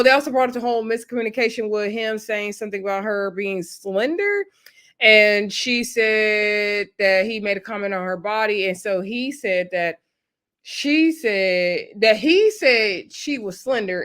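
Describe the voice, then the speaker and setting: A woman's voice: medium pitch, a bit bright. A woman giving a casual, chatty recap of a reality show episode and acting out what people said. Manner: chatty storytelling, acts out quoted lines.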